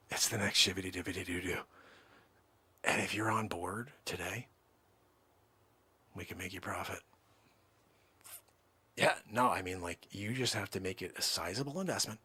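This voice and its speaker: A man's voice: dry recording, exaggerated voice. A man playing a pushy crypto cold-caller. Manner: hushed conspiratorial pitch then shouting hype. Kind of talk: improvised comedy sketch.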